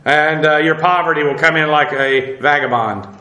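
A man's voice: fairly high pitch, moderate pace, sharp tone, reverberant, low-quality recording. A man preaching a sermon in a conversational way, often asking his listeners questions. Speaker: pastor.

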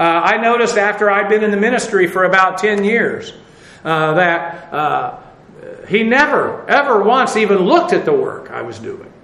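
A man's voice: sits high, a bit bright, echoey room, low-quality recording. An older man preaching a sermon as pastor, in a conversational way with many fillers and restarts.

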